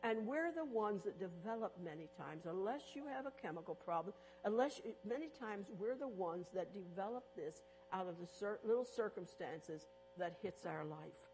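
A woman speaking at a church talk, slowly repeating verses and stressing words in turn, sharing her own experience earnestly. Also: mid-range voice, lively intonation, darkish tone, slight background noise, poor audio. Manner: personal testimony, earnest. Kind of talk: devotional talk with slides.

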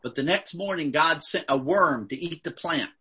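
A man preaching a sermon in short phrases, pausing for an interpreter and acting out the quotes with big jumps in his voice. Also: breathy edge. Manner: animated, acts out quotes with big pitch jumps.

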